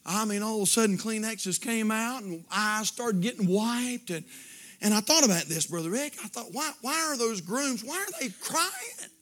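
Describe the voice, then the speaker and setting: Male pastor, high bright voice, fiery sermon delivery with loud peaks and soft asides. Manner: shouting, impassioned preaching with sudden drops to quiet.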